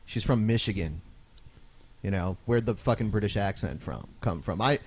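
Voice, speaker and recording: Lower-voiced opinionated podcast man. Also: moderate pace. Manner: opinionated, ranting. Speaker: podcast co-host. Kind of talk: casual ranting chat.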